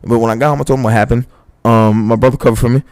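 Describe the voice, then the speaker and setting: In a mid-range voice, a young podcast co-host races through a story in casual chat, with no room sound on the recording. He's animated, swears freely, and acts out quoted lines in a raised voice.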